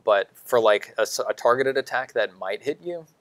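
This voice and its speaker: A woman acting as dungeon master at a tabletop game, calmly explaining the rules to her players. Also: rumbling low, normal speed, a crowd in the background. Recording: noisy table recording with dice clicks.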